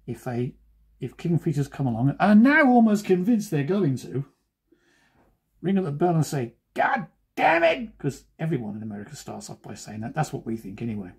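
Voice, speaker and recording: A man's voice: medium pitch, creaky, a little mellow, slightly rough. A man who is a cartoonist, talking casually while he draws and making joking, self-deprecating asides. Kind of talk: chatty drawing commentary.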